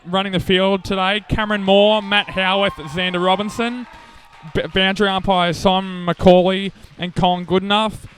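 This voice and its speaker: A man's voice: sits high, level tone, a bit bright. A man with an Australian accent, co-commentating a local football final and reading out team lists. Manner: enthusiastic, reads team lists briskly. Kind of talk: live sports commentary.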